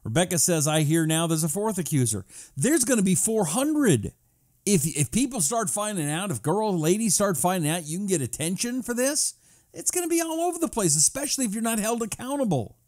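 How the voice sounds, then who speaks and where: A man's voice: sits high, sing-song, fairly quick, darkish tone. A middle-aged man hosting a talk radio show, reading listener messages and giving emphatic, repetitive commentary. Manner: emphatic, repetitive, sometimes drawn out.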